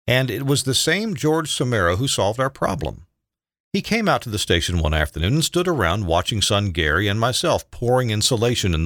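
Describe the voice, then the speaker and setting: An older man reading his own memoir aloud in a measured, reflective way. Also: lowish voice, fairly bright tone, no echo, studio quality.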